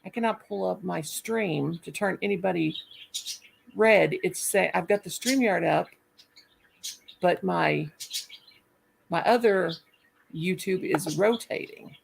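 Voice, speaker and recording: A woman's voice: fairly low pitch, takes it slowly, creaky, long pauses, a little hiss or hum, rough recording. An older woman hosting a livestream, talking in a chatty, affectionate and scattered way. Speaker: livestream host. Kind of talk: casual chat.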